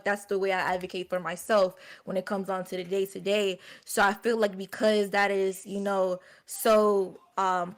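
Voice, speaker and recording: A woman talking candidly in a group discussion, slow and hesitant, with many fillers. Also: mid-range voice, a bit bright. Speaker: stream co-host.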